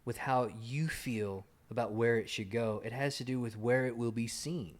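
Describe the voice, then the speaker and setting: A man's voice: mid-range voice, steady tone, moderate pace. Teasing man on a podcast. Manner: teasing, dry. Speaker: podcast co-host. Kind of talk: casual podcast banter.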